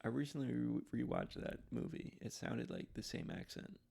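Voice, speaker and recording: Gravelly man in loose podcast chat. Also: medium pitch, huge pitch swings, fairly quick, a little mellow. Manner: rambling, playful, trails off mid-sentence. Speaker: podcast co-host. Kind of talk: casual chat.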